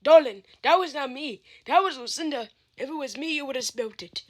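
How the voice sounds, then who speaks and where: A woman's voice: high-pitched, a little fast, lightly acted. A woman voicing a flustered, theatrical woman who indignantly denies blame in a comedy skit. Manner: indignant and dramatic.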